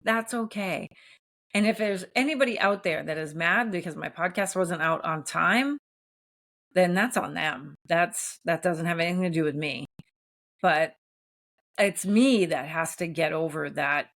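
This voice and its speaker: A woman hosting a solo podcast, talking candidly and gently encouraging listeners, with frequent restarts and soft laughs. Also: sits low. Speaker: podcast host. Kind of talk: solo reflective podcast talk.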